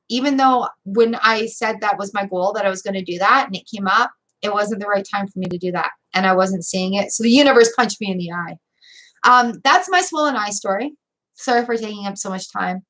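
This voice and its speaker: A middle-aged woman reading tarot on a live stream, telling a story in a chatty, animated way and talking straight to her viewers. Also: fairly high pitch, poor audio. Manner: animated, talks straight to viewers, repeats phrases for emphasis.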